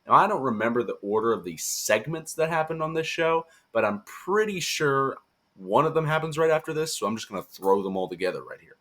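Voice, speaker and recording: A man's voice: mid-range voice, animated, fairly quick, fairly bright tone. A tired young man giving a casual, joking wrestling review and acting out quotes in silly voices. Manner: chatty, jokey, acts out quotes in funny voices.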